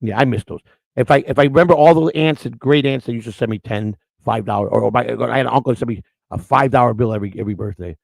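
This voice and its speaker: Outspoken male co-host, fast and gravelly, spinning casual stories. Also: mid-range voice, dry recording. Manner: loud, outspoken, animated storyteller. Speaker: morning show co-host. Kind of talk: casual storytelling chat.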